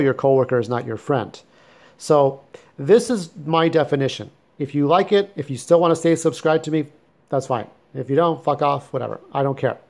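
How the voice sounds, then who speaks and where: A man's voice: medium pitch, a little mellow. Blunt, bitter man. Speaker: vlogger. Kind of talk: late-night solo monologue. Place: at home at night.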